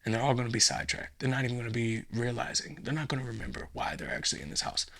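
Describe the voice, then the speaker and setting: A man hosting a comedy podcast, ranting in a profane, rambling monologue and jumping into acted-out scenes. His voice is gravelly with a bright, forceful edge. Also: medium pitch, level tone, very fast.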